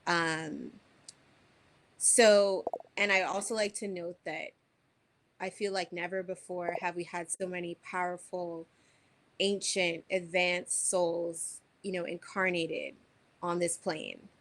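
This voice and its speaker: A woman speaks slowly and unhurriedly, with a somewhat low voice. As a wellness teacher she gives a spiritual forecast in an earnest, reflective way, often pausing to gather her thoughts. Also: flat delivery. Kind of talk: unscripted spiritual talk to camera.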